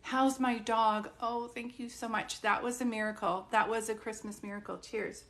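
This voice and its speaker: A woman's voice: a little high, steady tone, normal speed, a bit bright. A woman psychic medium chatting casually and at length with viewers during a live stream. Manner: chatty and rambling, talking straight to viewers.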